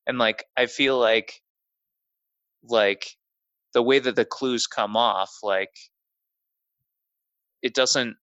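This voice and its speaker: Male podcast co-host, bright-toned, rambling delivery, dry close mic. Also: mid-range voice, steady tone, takes it slowly, pauses often, clean tone, no echo, highs cut off. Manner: rambling, heavy on fillers like "like". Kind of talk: casual film discussion.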